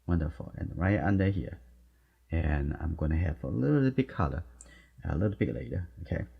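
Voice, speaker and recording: Low gravelly man teaching watercolor. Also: lively intonation, moderate pace. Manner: soft-spoken, encouraging, talks while painting in short phrases. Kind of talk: live painting demonstration. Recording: dull, muffled recording.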